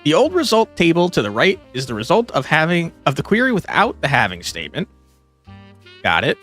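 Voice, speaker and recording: A man's voice: on the high side, wildly swooping pitch, fairly quick, fairly bright tone, soft background music. A young man streaming a game from home on a desk microphone, chatting casually and reading on-screen text aloud with jokey asides.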